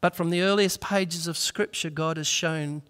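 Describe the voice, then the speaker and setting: A man's voice: a little high, fairly even intonation, normal speed, fairly bright tone, clear, resonant tone. A man preaching a sermon in a church, telling a story earnestly and acting out the voices in it. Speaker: pastor. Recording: reverberant church hall.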